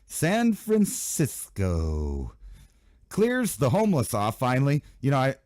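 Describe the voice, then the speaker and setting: A man's voice: mid-range voice, sing-song, fairly quick, a little mellow, no room sound, studio quality. A male radio host giving a rambling, sarcastic talk radio monologue.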